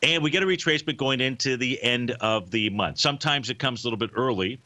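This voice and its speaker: A man hosts a live trading show with a bright, forceful tone at an average pitch. He talks casually and loosely, stopping for fillers as he walks through charts. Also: fast. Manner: casual, rambling, with many fillers. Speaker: radio show host, market analyst. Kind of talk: live financial talk show.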